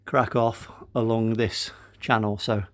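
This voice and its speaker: Slow and flat, with a voice on the low side, an older man narrates fixing his car for a casual workshop vlog. As a car restoration vlogger, he sounds winded, talks chattily with many "uh"s, and calls his audience "guys."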